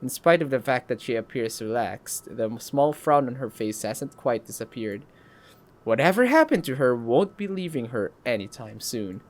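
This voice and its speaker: A man reading a story game aloud with a lively, swooping delivery, stepping out now and then to crack jokes. His pitch sits mid-range but moves around a lot as he narrates. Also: normal speed. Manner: animated reading, breaks off for joking comments. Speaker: let's play host.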